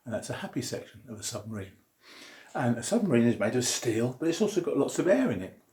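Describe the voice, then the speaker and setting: A fast-talking science teacher with a dark, mid-range voice and big pitch swings makes jokes and puns throughout a lighthearted lesson. He explains things step by step while drawing, and the room echo is noticeable.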